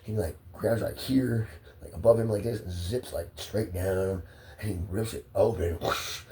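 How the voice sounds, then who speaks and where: A man's voice: fairly low pitch, a little slow, mellow, recorded from a distance, a little hiss or hum. A stressed man rambling profanely into his phone, drifting from one idea to the next. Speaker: vlogger.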